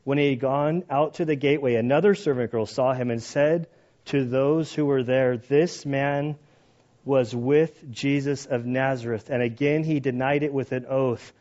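A man's voice: medium pitch, moderate pace, dull audio. A man preaching a sermon conversationally, reading scripture aloud and commenting on it in plain everyday words. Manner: conversational preaching, grows loud and animated. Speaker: pastor.

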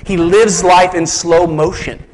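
A man's voice: sits high, steady tone, a little slow, poor audio. A man preaching a sermon as a pastor, conversational, asking the congregation rhetorical questions.

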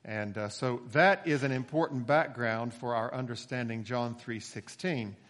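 A man preaching a sermon, measured and deliberate, slowing down to stress key phrases. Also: medium pitch, a bit bright, in a large hall. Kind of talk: sermon with scripture reading.

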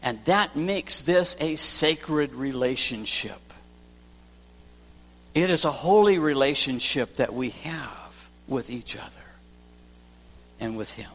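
A man who is a pastor preaching a sermon, swinging from loud emphasis to hushed lines. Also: mid-range voice, animated, slow pace, long pauses, slight background noise. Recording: long church reverb.

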